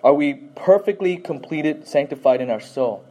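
Bible teacher man, mellow and a little husky, keeps asking the class questions and tacking on "okay?". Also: fairly high pitch, animated, moderate pace, low-quality recording. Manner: quizzes listeners with questions, frequent "okay?".

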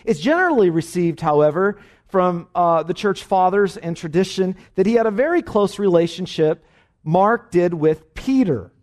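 A man, a pastor, teaching an evening Bible study in an emphatic, animated way, with frequent "uh" fillers. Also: sits high, moderate pace.

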